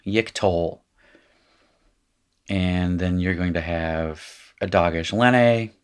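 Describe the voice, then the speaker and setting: Slow, low-voiced man teaching grammar. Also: fairly bright tone. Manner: patient, drills forms aloud, wry asides. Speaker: Hebrew teacher. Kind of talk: classroom lecture at a whiteboard.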